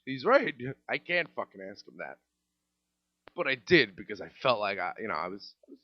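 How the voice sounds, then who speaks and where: A man's voice: fairly low pitch, big pitch swings, moderate pace, no echo. A man in his thirties, a podcast host telling comedic stories in a profane, exasperated rant. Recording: dull lo-fi, dry.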